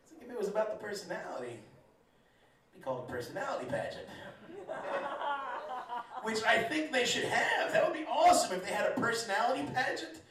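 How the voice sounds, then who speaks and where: A man's voice: very high voice, very animated, moderate pace, pauses often, recorded from a distance. A man doing a stand-up set, laid-back and rambling, laughing at his own jokes. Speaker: stand-up comedian. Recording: echoey room recorded from afar with a crowd.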